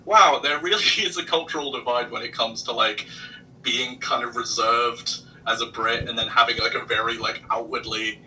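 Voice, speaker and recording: A man with an English accent, a podcast guest telling an animated story over a video call. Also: medium pitch, moderate pace, distant mic, a little hiss or hum, rough recording. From England. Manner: animated, swears freely, mimics voices. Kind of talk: casual storytelling.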